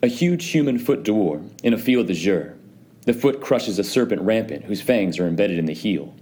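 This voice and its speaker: Brief: cold, mock-courteous avenger for a storybook reading, mellow tone, read by a man. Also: lowish voice, animated, lightly acted. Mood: polite. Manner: silky, mock-concerned, measured. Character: cold, scheming male nobleman plotting revenge. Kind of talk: dramatic audiobook reading.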